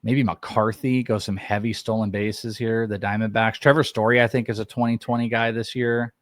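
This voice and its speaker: A man hosting a casual podcast chat, thinking aloud with animated energy. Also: on the low side, moderate pace, no room sound, clean studio sound. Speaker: host.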